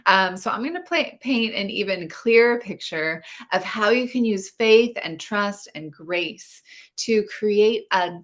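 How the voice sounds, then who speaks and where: A woman's voice: mid-range voice, animated, measured pace, fairly bright tone. A woman coaching about relationships and intimacy in an earnest, spiritual way, speaking straight to viewers of a live stream.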